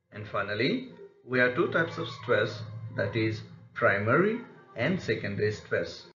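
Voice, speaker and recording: A male English teacher works through pronunciation rules at a very unhurried pace and repeats example words deliberately. His voice rings in an echoey room. The recording sounds a little dull and lo-fi. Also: mid-range voice, a bit bright. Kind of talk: scripted pronunciation lesson.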